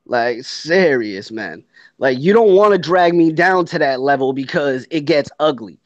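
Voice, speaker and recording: A man in his thirties speaks in an earnest, reflective way during a casual chat and laughs easily along with his partner. His voice sits a touch high. The sound is dull, lo-fi and dry. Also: lively intonation, a little slow, no echo.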